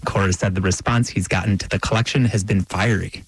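A man reporting a news story for radio in an even, scripted delivery. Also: low voice, a little fast, slightly rough, dry recording, low-quality recording.

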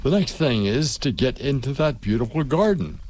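A man's voice: mid-range voice, sing-song, moderate pace, a little mellow. A man reading a storybook aloud on radio, speaking a polite little girl's lines in an earnest, hesitant way. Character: polite, puzzled little girl.

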